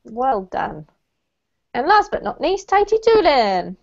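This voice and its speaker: A woman teaching English pronunciation to a group over a video call, clear, deliberate and encouraging. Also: very animated, darkish tone. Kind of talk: online group pronunciation lesson. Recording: muffled low-fidelity video call audio.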